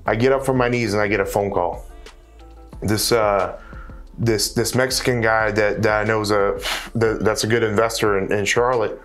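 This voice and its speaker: A man's voice: fairly low pitch, steady tone, moderate pace, fairly bright tone, soft background music. A man telling a real estate story in casual conversation, earnest, repeating himself and restarting his phrases. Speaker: guest real estate wholesaler.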